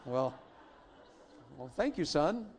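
Animated middle-aged man preaching. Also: a little high, slow pace, slight background noise. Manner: animated storytelling, big swings from loud to hushed. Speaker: pastor. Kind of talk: sermon with family stories.

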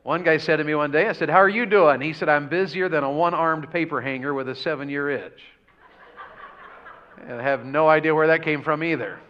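A man's voice: fairly high pitch, brisk. A man preaching a revival sermon, folksy and full of questions to the congregation. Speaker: pastor. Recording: dull lo-fi church audio.

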